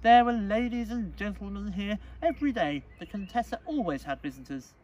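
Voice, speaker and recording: A man's voice: high voice, animated, fairly quick, darkish tone, voice pushed up. A man reading a storybook aloud, voicing a nostalgic aunt cat. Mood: wistful.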